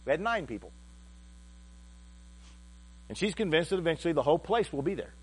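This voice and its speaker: A male pastor preaching a sermon in a halting, heartfelt way, often repeating words as he restarts. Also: a little high, expressive, breathy edge.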